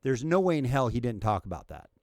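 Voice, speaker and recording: A man's voice: mid-range voice, big pitch swings, quick pace, a little mellow, dry recording, studio quality. A man hosting reaction commentary over news clips in a sarcastic, blunt way, swearing casually. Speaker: political commentary host.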